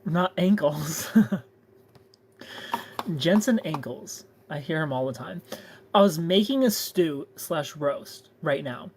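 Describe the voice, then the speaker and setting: A live streamer casually chatting and greeting viewers by name, playful and quick to laugh. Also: medium pitch, lively intonation, a little hiss or hum.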